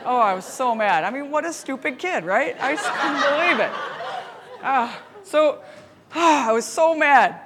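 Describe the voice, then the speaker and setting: Animated woman teaching a Bible study. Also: high voice, measured pace, a loud crowd, heavy background noise. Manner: animated storytelling with laughs. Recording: long hall reverb.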